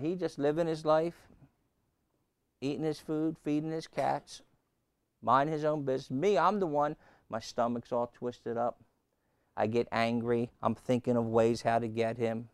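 A pastor preaching a sermon and telling a humorous story, with lots of rhetorical questions. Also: male voice, mid-range voice, gravelly, dry recording. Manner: humorous, repeats key lines.

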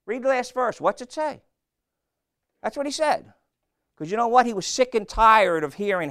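A man's voice: high-pitched, lively intonation, brisk, a bit bright, no echo, studio quality. A man preaching a sermon in a blunt, folksy way, often throwing questions back at the congregation. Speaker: pastor.

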